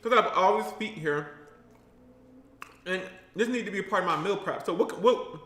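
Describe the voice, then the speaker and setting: A man with a high, bright voice chats in a sassy, playful way. He talks casually to his viewers in an eating vlog. The room around him sounds echoey. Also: normal speed. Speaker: vlogger.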